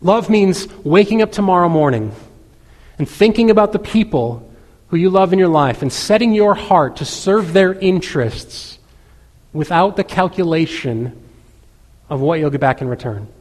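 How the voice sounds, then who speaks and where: A man in his thirties gives a sermon in a loose, conversational style, full of casual asides. His voice sits a bit high for a man, and a long reverb trails behind him as if he is in a large hall. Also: animated, moderate pace, darkish tone. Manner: conversational preaching with many filler 'like's. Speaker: pastor.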